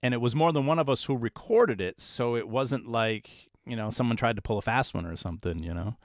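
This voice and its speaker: A man with a mid-range voice talks fairly quickly as he's interviewed about his paranormal investigations. He narrates with casual energy and mimics the voices of the people in his stories, recorded dry at studio quality.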